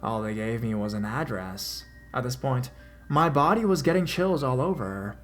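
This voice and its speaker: A man reads out a horror story in a dramatic way, his voice rising and getting louder as the tension builds. His pitch is ordinary, neither high nor low. Soft background music plays beneath the narration. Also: lively intonation, normal speed. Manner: dramatic reading, pitch and loudness swelling in tense parts. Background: faint music.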